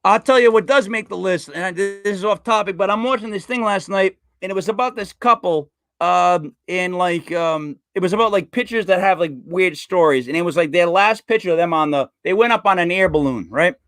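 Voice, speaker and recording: A man's voice: high-pitched, fairly quick, hardly any pauses, no room sound. A man hosting a casual sports podcast, rambling through stories and telling a long joke. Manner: rambling storyteller, animated with joke voices. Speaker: podcast host.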